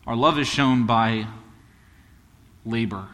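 A man's voice: mid-range voice, takes it slowly, a bit bright, big-room sound. A man preaching a sermon as a pastor, moving from casual storytelling into emphatic, building preaching.

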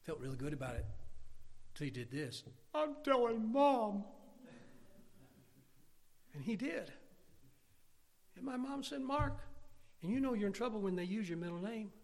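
Gravelly-voiced preacher. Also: male voice, high-pitched, brisk, long pauses. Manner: animated, shifting between loud exclaiming and hushed whispers. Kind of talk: storytelling sermon.

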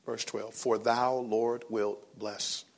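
With a gravelly voice and a slow pace, a man in his forties preaches as a pastor. His sermon swings from hushed, low reflection to loud, fervent moments.

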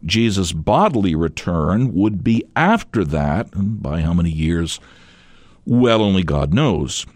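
A man's voice: low-pitched, big pitch swings, unhurried, darkish tone, no room sound. A man teaching a radio sermon in an earnest, emphatic way, leaning hard on key words.

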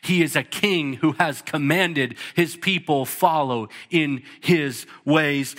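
A man's voice: on the high side, animated, slow pace, hardly any pauses, fairly bright tone. A man in his thirties preaching a sermon as pastor, earnest and emphatic, with short punchy repeated lines. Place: church sanctuary. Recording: long reverb of a large hall.

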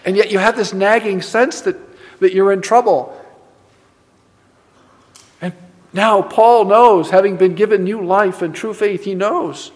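A man delivers a sermon in a church sanctuary, drawing out his phrases slowly and hammering key words through repetition. His voice sits high for a man, and the long reverb of the hall hangs behind every line. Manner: emphatic preaching, repeats words for emphasis. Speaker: pastor.

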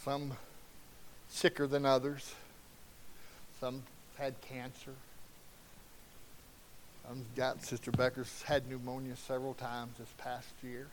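A middle-aged man preaching a sermon in a folksy, conversational way that swings from quiet to loud. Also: medium pitch, completely flat delivery, slow, long pauses, a little hiss or hum.

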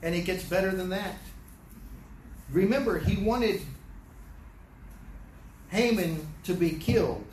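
High-voiced man teaching Bible study. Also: takes it slowly, pauses often, darkish tone. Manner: conversational, with many restarts, paraphrasing scenes. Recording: echoey room, distant mic, faint noise.

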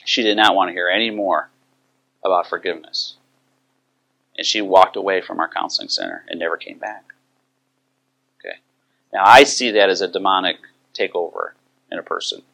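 A man's voice: sits low, animated, moderate pace, vocal fry, pauses often, sharp tone. A middle-aged man teaching about biblical counseling, telling a story and acting out the quoted dialogue in a conversational way.

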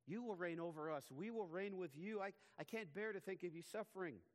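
A man's voice: high-pitched, a little fast, voice pushed up, close to an everyday voice. A man voicing an anxious, devoted male disciple who pleads with his teacher, speaking emphatically. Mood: pleading. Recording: long hall reverb.

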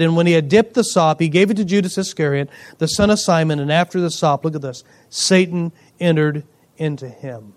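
A male pastor preaching a sermon, swinging between loud emphatic lines and quiet asides, joking with the congregation. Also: a little high, fairly even intonation, fairly quick. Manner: jokes with the congregation.

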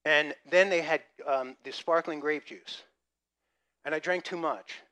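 A middle-aged male pastor preaches a sermon full of jokes and funny stories from his own life, acting them out with gasps. His voice is a little high, bright and forceful, and he speaks a little slowly.

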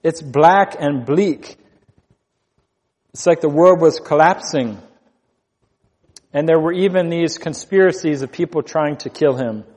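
A man's voice: fairly high pitch, unhurried, long pauses, a little mellow, big-room sound. A man preaching a sermon as pastor, earnest, repeating key phrases for emphasis.

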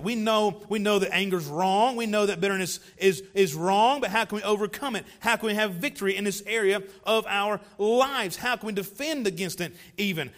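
A man's voice: high-pitched, fairly bright tone. A man preaching a sermon as pastor, emphatic, pressing his listeners with rhetorical questions and repeated phrases.

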